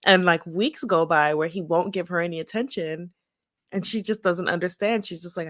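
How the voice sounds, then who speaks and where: A woman's voice: fairly low pitch, steady tone, normal speed, dry recording, studio quality. A woman co-hosting a book club podcast in casual chat, retelling scenes with quoted asides. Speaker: podcast co-host.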